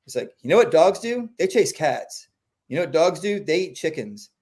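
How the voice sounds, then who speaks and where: Man, dog trainer, casual explainer, slightly high voice, animated. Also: moderate pace. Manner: animated, acts out quotes in voices.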